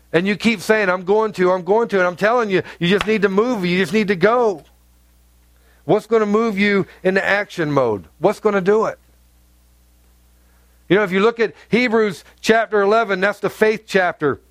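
A man's voice: sits high, fairly bright tone, no echo. A male pastor preaching a sermon in a conversational, emphatic way, full of rhetorical questions.

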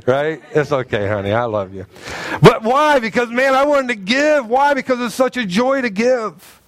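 A middle-aged man, a pastor, preaching a sermon in a church with animated, humorous storytelling and self-mocking asides. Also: very high-pitched, moderate pace. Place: church sanctuary.

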